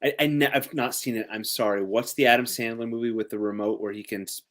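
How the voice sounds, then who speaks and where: A man on a casual discussion panel, with a voice of ordinary pitch. He stops and restarts his sentences, apologizes often, and pokes fun at himself. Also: steady tone, fast talker, a bit bright. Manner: apologetic, hesitant, self-deprecating.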